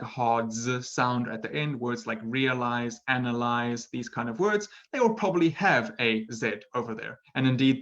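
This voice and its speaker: A man's voice: medium pitch, a bit bright. Chatty man teaching, dull audio. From Britain. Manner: chatty, encouraging, often checks in with "right?". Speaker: English teacher. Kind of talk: live online lesson.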